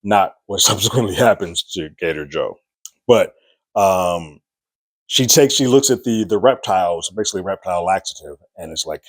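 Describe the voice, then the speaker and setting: A man's voice: low-pitched, animated, normal speed, no echo. A man casually recapping and reviewing a TV episode, telling the story loosely and jumping into a raised voice to act out what characters say. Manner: loose, chatty storytelling, acting out quotes in a raised voice. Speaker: podcast reviewer.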